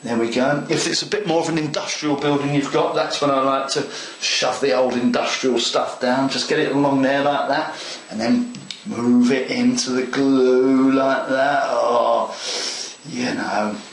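A man's voice: mid-range voice, steady tone, measured pace, echoey room, slight background noise, low-quality recording. Chatty man demonstrating model-making. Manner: chatty and enthusiastic, talks to the viewer. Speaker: model railway tutorial host. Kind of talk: hands-on craft demonstration.

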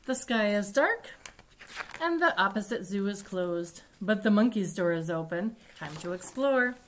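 A woman librarian leads story time and reads picture books aloud for children. She reads in a gentle, deliberate way, slowly and at a middling pitch. A faint hiss sits under her voice. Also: expressive.

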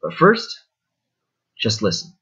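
A man's voice: slow pace, bright, forceful tone, lo-fi sound, a little hiss or hum. A young male teacher giving a recorded lesson in a casual, rambling way, full of fillers and asides.

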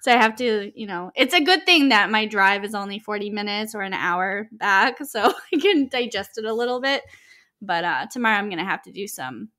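A woman's voice: mid-range voice, expressive, brisk, sharp tone. A young woman co-hosting a podcast in casual chat, rambling and laughing, full of fillers. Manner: rambling, giggly, lots of fillers. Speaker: podcast co-host.

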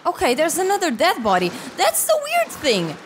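Woman, 20s, gaming creator: high and animated, reactive and sweary, game music behind. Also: normal speed, slight background noise. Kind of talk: let's play commentary.

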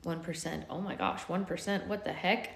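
A woman hosting a live book club, reading a novel aloud and dropping quiet, offhand asides to her viewers. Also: fairly low pitch, fairly even intonation, moderate pace, roomy sound. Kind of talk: live-streamed read-aloud with chatty asides.

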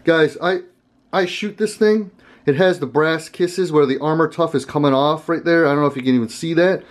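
A man's voice: fairly high pitch, normal speed. Rambling, chatty man vlogging to camera. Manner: rambling, conversational, chuckles often. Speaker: gun channel host. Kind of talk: casual to-camera vlog.

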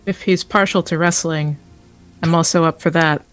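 A player in a tabletop game, speaking in an unhurried, easily amused way. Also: medium pitch, steady tone, fairly bright tone, faint music behind. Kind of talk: casual tabletop play.

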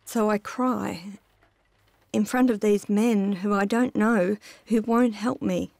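A woman's voice: mid-range voice, fairly even intonation, takes it slowly, vocal fry, darkish tone, no room sound. A middle-aged woman narrating her own memoir in a reflective, intimate first-person telling.

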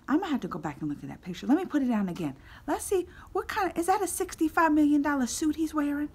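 A woman vlogger telling a story with lively energy, swinging between excited shouts and whispered asides and acting out her own lines in quotes. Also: high-pitched, fast, few pauses, slight background noise. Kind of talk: animated reaction storytelling.

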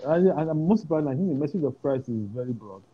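A man's voice: fairly high pitch, lively intonation, quick pace. A man telling a personal story in an interview, acting out quoted voices and laughing often. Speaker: interview guest. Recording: dull lo-fi sound with faint hiss.

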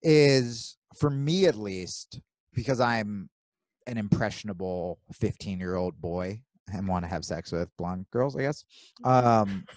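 A man from New Jersey co-hosting a podcast, telling animated stories with plenty of swearing and acting out his own inner voice. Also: lowish voice, slow pace, no room sound. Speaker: podcast co-host. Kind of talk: casual chat.

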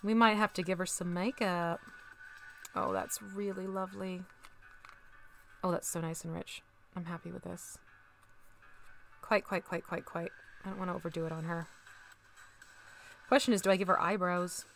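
A woman's voice: fairly low pitch, fairly even intonation, normal speed, gravelly, pauses often, faint music behind. A young woman chatting casually on a livestream while she paints miniatures, bubbly and talkative as she reads chat.

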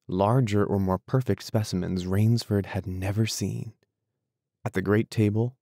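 A male audiobook narrator with a very deep, gravelly voice reads in steady, even prose. His tone is dark and mellow, recorded close and completely dry. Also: no echo. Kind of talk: scripted narration.

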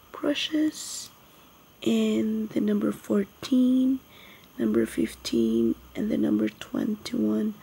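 A young woman from the Philippines speaks in a whispered haul vlog, hushed and breathy. She talks slowly, with a gravelly catch under the whisper. She sounds quietly excited about what she shows. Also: on the high side. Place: home at night, others asleep.

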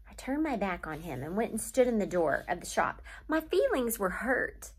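A woman teacher reading a children's novel aloud to her class, with steady storytelling and pauses to name literary devices. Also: medium pitch, breathy edge.

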